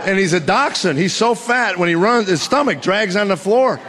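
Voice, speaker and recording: A man in his fifties performing a stand-up comedy routine, telling stories with deadpan punchlines on stage before a laughing audience. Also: high voice, normal speed, noisy background. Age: 50s.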